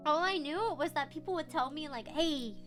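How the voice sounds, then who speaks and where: A young woman with a very high, girlish voice chats casually on her stream, giggling often and swearing lightly as she talks. Soft music plays quietly in the background. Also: moderate pace. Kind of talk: casual chat.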